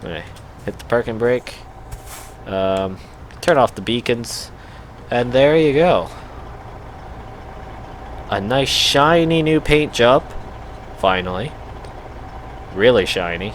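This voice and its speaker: A man's voice: mid-range voice, expressive, slow pace, long pauses. A Canadian man with a Canadian accent giving rambling, chatty commentary while playing a truck driving game, with lots of fillers and restarts. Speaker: gaming channel host. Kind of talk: casual gameplay commentary. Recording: game engine noise behind voice. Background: truck engine and traffic sounds from the game.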